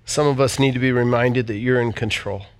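A man's voice: mid-range voice, steady tone, brisk, smooth. A man leading a heartfelt sermon and prayer in church, speaking earnestly and repeating phrases. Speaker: pastor.

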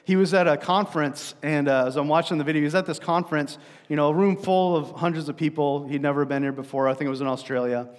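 Storytelling pastor in a reverberant hall. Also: male voice, a little high, fairly even intonation, fast, hardly any pauses. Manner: conversational storytelling preacher, many fillers. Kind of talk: sermon.

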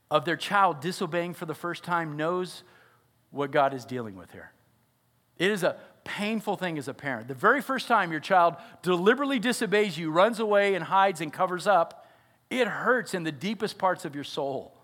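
A man who is an adult father and pastor preaches a sermon earnestly, frequently putting questions to his listeners. His voice sits high and a bit bright, with lively intonation and a moderate pace.

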